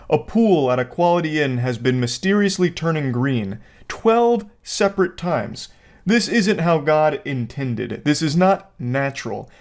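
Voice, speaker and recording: Male commentary host, even mid voice, mock-serious rambling delivery. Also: medium pitch. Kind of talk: casual video commentary. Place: Florida home.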